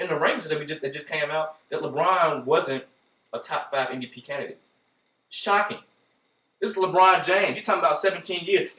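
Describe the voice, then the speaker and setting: A man hosting a casual sports podcast, talking in an animated, playful way and speaking straight to his listeners. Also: on the high side, far from the mic. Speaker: podcast host. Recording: roomy echo, voice from off the mic.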